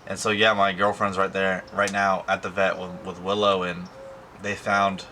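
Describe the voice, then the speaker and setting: A man's voice: sits low, flat delivery, normal speed, sharp tone, slight background noise. A young man talking in a casual personal vlog, rambling and emotional, with many fillers and restarts. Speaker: vlogger.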